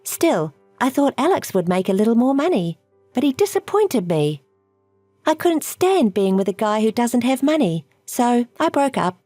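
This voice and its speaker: Woman doing a gloaty scheming husband stealer, swoopy lively voice, dry with soft music. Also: on the high side, moderate pace, no echo. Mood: self-pitying. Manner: taunting, gloating. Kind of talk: texting-story voice-over.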